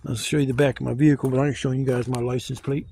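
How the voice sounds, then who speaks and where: A middle-aged man vlogging casually while driving, excitable and swearing freely. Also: rapid-fire, gravelly, husky. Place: inside a car on the road. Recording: car road noise throughout. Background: car engine rumble.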